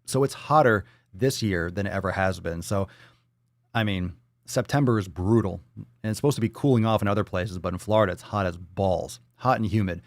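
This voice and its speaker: With a low voice and a fairly quick delivery, a Florida livestreamer reads out viewer comments and banters loosely, crudely, and jokingly, occasionally doing silly voices. The sound is studio quality with no echo.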